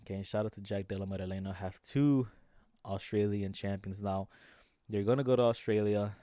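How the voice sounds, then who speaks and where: A man's voice: fairly low pitch, a little fast, warm tone, no echo, clean studio sound. A young man ranting in casual reaction commentary about fights, slangy and frustrated, saying "bro" a lot. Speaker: MMA vlogger.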